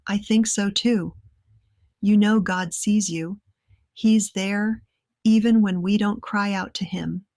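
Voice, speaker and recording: An earnest, protective young rancher man speaks in a soft, careful voice, as a woman reads him in her own plain tone. The sound is dry and close, with no room around it. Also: medium pitch, fairly even intonation, takes it slowly, dry recording. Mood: tender.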